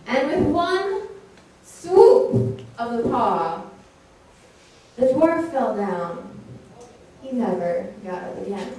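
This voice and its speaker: A woman's voice: a little high, expressive, slow pace, dark tone, distant mic. A woman telling a fairy tale live at a coffeehouse, playful with jokey asides and giggles, in an echoey room with an audience. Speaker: storyteller. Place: coffeehouse stage.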